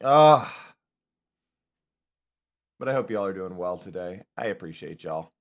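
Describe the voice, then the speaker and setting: A man's voice: sits low, fairly quick. A young man chatting casually on a live stream while playing a game, rambling and laughing often.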